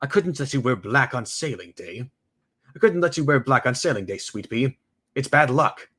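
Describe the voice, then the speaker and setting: A man's voice: medium pitch, expressive, moderate pace, fairly bright tone, slightly rough. A man voicing an arrogant wealthy young man who speaks in a smug, condescending way.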